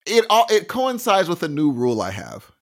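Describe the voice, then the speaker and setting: A man's voice: fairly high pitch, huge pitch swings, measured pace. A man co-hosting a podcast in casual banter, stubborn and giggly, often trailing off mid-sentence. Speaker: podcast co-host.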